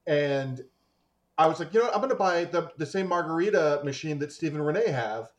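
A man joining a casual podcast chat, who talks haltingly and restarts often. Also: a little high, expressive, noisy background.

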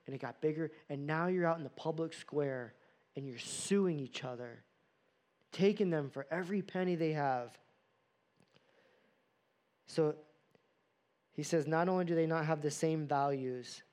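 Man, pastor, sermon, earnest, rhetorical questions, fairly high voice. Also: normal speed, long pauses, a little mellow. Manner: earnest, uses rhetorical questions and acted-out quotes.

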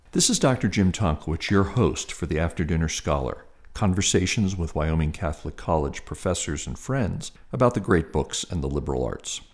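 A man in his sixties hosting a podcast, reading a scripted introduction and then interviewing a guest in a measured storytelling manner. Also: deep voice. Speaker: podcast host.

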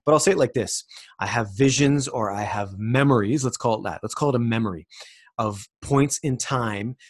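A man's voice: mid-range voice, moderate pace. A man giving a spiritual self-help monologue, loose and rambling, swearing for emphasis and asking the listener question after question. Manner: emphatic and profane, with repeated rhetorical questions. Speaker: vlogger.

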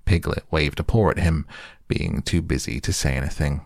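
A man narrating a children's storybook aloud in a gentle, unhurried storytelling manner. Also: rumbling low, fairly even intonation, vocal fry, dry recording, studio quality.

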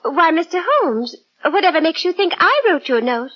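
A woman's voice: very high voice, big pitch swings, normal speed. An actress playing a gushing society lady who turns out to be an armed villain, in a radio drama. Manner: gushing and giggly, then cold and menacing. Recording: dull lo-fi radio recording.

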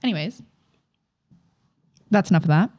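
A young woman co-hosting a podcast in casual chat, animated and exaggerated, swearing freely as she tells a story. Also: fairly low pitch, normal speed. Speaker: podcast co-host.

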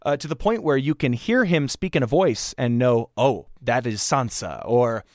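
A man's voice: medium pitch, expressive, moderate pace, dry recording. Podcast guy, dry close mic, keen and chatty. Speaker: podcast co-host. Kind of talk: casual chat.

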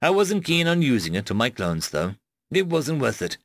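Expressive male audiobook narrator. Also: mid-range voice, dry recording, clean studio sound. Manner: measured, expressive storytelling. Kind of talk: first-person fiction narration.

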